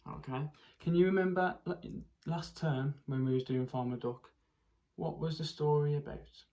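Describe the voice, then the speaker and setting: A primary school teacher reads a picture book aloud to children, pausing to ask them questions and doing expressive character voices and animal noises. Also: medium pitch. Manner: pauses to ask young listeners questions.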